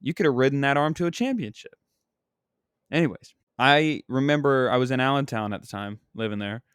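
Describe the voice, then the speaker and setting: A man's voice: mid-range voice, a little fast, a bit bright, smooth, no echo. Young man venting casually, dry sound. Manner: rambling, exasperated sports-fan venting with frequent "you know what I mean". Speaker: podcast host and comedian. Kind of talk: casual solo podcast chat.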